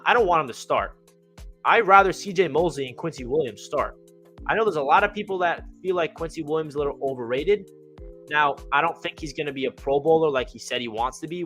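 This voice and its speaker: A young man talking casually and with excitement about his football team, rambling and full of fillers, with hiccups. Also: a little high. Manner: rambling, enthusiastic, many fillers. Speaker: fan channel host.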